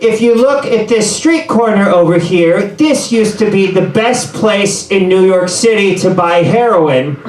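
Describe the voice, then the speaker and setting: A man's voice: high-pitched, animated, a little slow, hardly any pauses, slight background noise. A man doing a rambling, self-deprecating stand-up set in a bar, ad-libbing through the trouble. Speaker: stand-up comedian. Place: bar comedy room. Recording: echoey room, mic far off.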